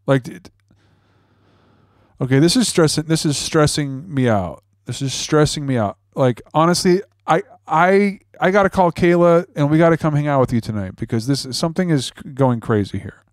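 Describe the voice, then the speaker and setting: A man's voice: a little high, expressive, normal speed, dry recording, studio quality, lightly acted. A man playing a panicky adult son who stammers and repeats himself during a scam-bait call. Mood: alarmed.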